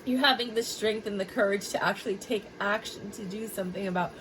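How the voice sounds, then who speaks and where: A woman gives a casual tarot reading directly to her viewers, chatty and packed with fillers, often dissolving into giggling fits. Her medium-pitched voice is a bit bright and slightly fast, on a rough recording with slight background noise.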